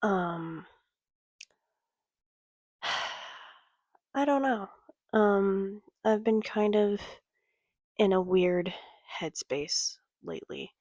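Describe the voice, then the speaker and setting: A young woman talking casually to her camera late at night, halting with many ums and sighs. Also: medium pitch, darkish tone, no room sound. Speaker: vlogger. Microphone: computer or phone camera.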